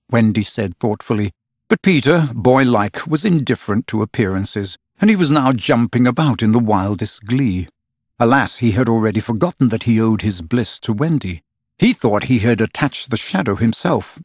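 A man reading a children's classic aloud as an audiobook narrator, with an expressive, wry storytelling manner and a husky voice. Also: on the low side, moderate pace, no room sound, clean studio sound.

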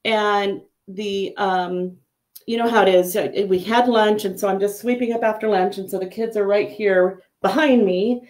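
A middle-aged woman talks in a relaxed, casual way, as a psychic medium sharing her work. She tells her stories with plenty of life, and her pitch jumps up whenever she quotes someone. Her voice sits at a middle pitch for a woman. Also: moderate pace. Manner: chatty storyteller, animated with pitch jumps on quoted lines. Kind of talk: casual chat.

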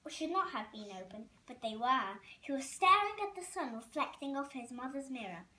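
A woman reading a storybook aloud, halting and stumbling over words. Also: sits high, big pitch swings, pushed and bright. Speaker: reader. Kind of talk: amateur storybook read-aloud.

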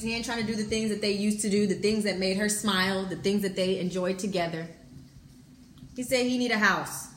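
A woman's voice: medium pitch, brisk. A woman reviewing a children's book, reading it aloud and adding blunt, sassy, profane commentary. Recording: echoey room with faint noise.

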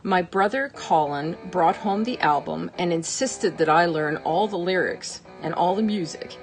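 A woman's voice: lowish voice, measured pace, faint music behind, low-quality recording. A woman fan in an interview, telling a memory in a wry, cheerful way.

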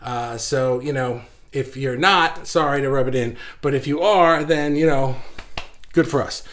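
A man hosting a casual livestream, talking fast and excitedly with lots of fillers and restarts, a bit out of breath. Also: medium pitch. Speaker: livestream host.

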